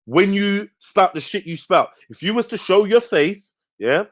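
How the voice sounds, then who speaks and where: A man hosts a heated live debate, with a voice sitting a little higher than most men's. He is confrontational and profane, pressing his points and finishing them with a challenging "yeah?". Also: lively intonation, measured pace. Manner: confrontational, swears a lot, keeps tagging "yeah?". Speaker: host.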